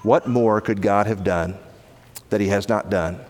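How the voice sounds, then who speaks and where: A man's voice: a little slow, a little mellow, a little hiss or hum. Earnest male preacher with reverb. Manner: earnest, pleading, rises in pitch when quoting. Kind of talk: sermon.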